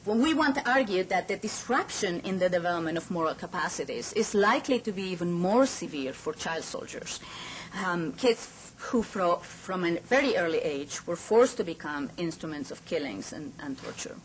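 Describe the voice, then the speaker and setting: Woman, academic lecture, earnest, emphatic, lowish voice, faint hiss. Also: animated, moderate pace, poor audio. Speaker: academic speaker. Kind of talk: conference lecture.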